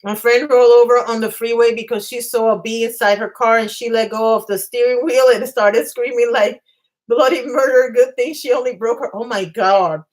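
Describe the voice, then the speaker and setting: A slightly high-pitched woman telling stories to her viewers in a loose, chatty way. She is animated and quick to poke fun at herself, breaking off to greet people in the chat. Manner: animated, self-mocking, laughs at herself. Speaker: channel host. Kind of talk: casual storytelling to live chat.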